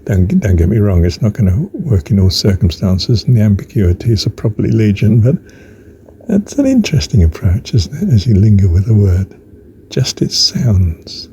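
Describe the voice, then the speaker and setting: Older man, deep voice, reflective faith talk, halting and soft-spoken. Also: lively intonation, slight background noise. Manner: slow, musing, halting with fillers and soft whispered asides. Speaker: speaker on faith.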